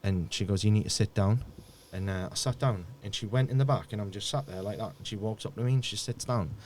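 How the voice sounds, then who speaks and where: A man, a podcast guest, telling a painful personal story in a halting way, often repeating words and dropping almost to a murmur. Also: on the low side, a little mellow, a little hiss or hum.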